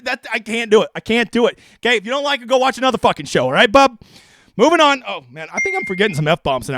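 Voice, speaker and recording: A man's voice: extremely high pitch, a bit bright, no room sound, clean studio sound. A man hosting a fantasy sports live stream, talking in a brash, profane, rambling way. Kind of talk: casual live stream commentary.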